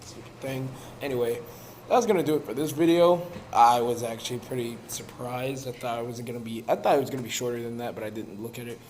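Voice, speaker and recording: A man's voice: medium pitch, fast talker, darkish tone, slight background noise. Man mumbling casual reaction asides. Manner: chuckling asides, mumbled slips. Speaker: reaction channel host.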